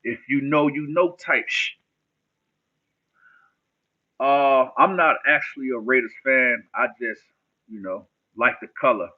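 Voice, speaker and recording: A man's voice: mid-range voice, measured pace, long pauses. Laid-back man on a tinny livestream. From New Jersey. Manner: laid-back street slang, answers chat questions. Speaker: livestream host. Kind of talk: casual livestream chat with viewers. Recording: phone-like narrow band.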